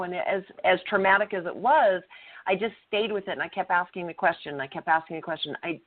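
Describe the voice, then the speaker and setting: Middle-aged woman co-host, earnest and emphatic, a bit low-pitched, heard through a tinny phone-like line. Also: normal speed. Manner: earnest, emphatic storytelling with occasional swearing. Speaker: podcast co-host. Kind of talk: conversational podcast talk. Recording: phone-like narrow sound.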